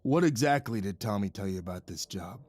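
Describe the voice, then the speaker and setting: A man voicing a gruff, blunt and crude heavy-set male boss. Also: on the low side, animated, fairly quick, darkish tone, dry recording.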